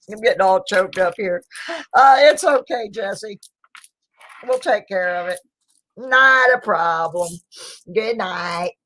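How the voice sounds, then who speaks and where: A woman's voice: medium pitch, a bit bright, rough recording. A woman hosting her own live stream, chatting casually with viewers and laughing often. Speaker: channel host.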